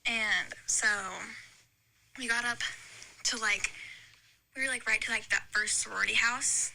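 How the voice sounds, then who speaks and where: A woman's voice: a little high, steady tone, a little slow, creaky, background noise. A young woman telling a long, rambling story in casual chat, with lots of "like" and restarts. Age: young adult. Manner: chatty, rambling story with many likes. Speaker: podcast guest.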